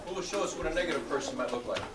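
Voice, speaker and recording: A man's voice: on the high side, animated, rapid-fire, a loud crowd. Brief: middle-aged male youth instructor, encouraging, heard from far off in an echoey, noisy room. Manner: upbeat, encouraging, calls out to students. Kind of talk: classroom coaching. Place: large room with student tables.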